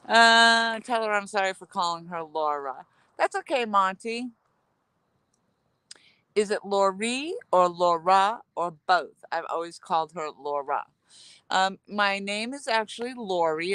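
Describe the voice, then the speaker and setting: A woman's voice: medium pitch, sharp tone, smooth, no room sound, poor audio. A woman hosting her channel, telling long, wandering stories with laughs while sitting outdoors by a campfire at night, on a headset mic. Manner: rambling, laughing storyteller. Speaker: channel host. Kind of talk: casual campfire chat.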